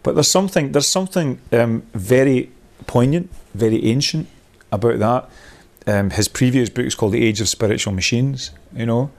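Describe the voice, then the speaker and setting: A man's voice: mid-range voice, moderate pace, vocal fry, hardly any pauses, a little mellow. Rambling man leading a workshop. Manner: rambling, thinks aloud with many restarts. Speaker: workshop leader. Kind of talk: discursive workshop talk.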